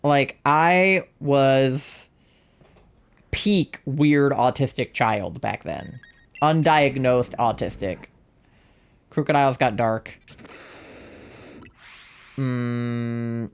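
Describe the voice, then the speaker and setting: A young transmasc streamer in their twenties, chatting casually while gaming, rambling with lots of "like" and self-deprecating asides. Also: male voice, mid-range voice, slow pace, long pauses, slight background noise.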